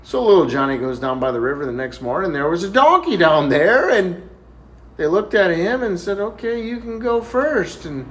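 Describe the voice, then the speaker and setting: A man telling jokes in a casual, animated way, laughing at his own punchlines. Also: a little high, moderate pace. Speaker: joke teller.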